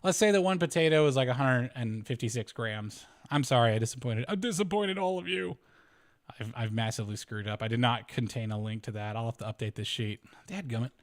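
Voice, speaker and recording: A man of ordinary pitch works through his calculations out loud in a loose, unscripted way. He corrects himself often and chuckles at his own slips. His voice keeps swinging up and down as he talks. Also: quick pace. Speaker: homesteading channel host. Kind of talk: casual spreadsheet walkthrough.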